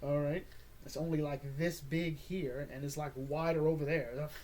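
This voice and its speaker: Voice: mid-range voice, steady tone, normal speed, a little mellow, slight background noise. A host casually recapping a comic story, laid-back with chuckling asides.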